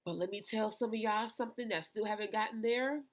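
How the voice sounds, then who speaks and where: A woman's voice: mid-range voice, a little fast. A woman minister talking to camera with impassioned conviction, emphatic and preachy, often restarting her sentences. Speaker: minister and host. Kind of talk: impassioned personal talk to camera.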